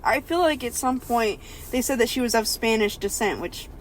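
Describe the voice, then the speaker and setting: A woman's voice: a little high, animated, normal speed, a little hiss or hum. A young woman co-hosting a podcast, reading a novel aloud and breaking off with giggly, joking asides. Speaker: podcast co-host.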